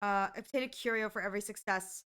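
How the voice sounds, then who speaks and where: A woman live-streaming, chatting casually to her viewers with excitable exclamations and frequent giggles. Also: mid-range voice, fast talker, smooth.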